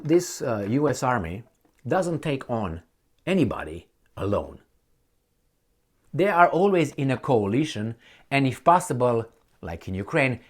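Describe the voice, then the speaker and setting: A man giving a combative opinion monologue, his voice swinging widely up and down as he jabs with sarcastic rhetorical questions. He sounds blunt and heated throughout. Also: mid-range voice. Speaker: political commentator.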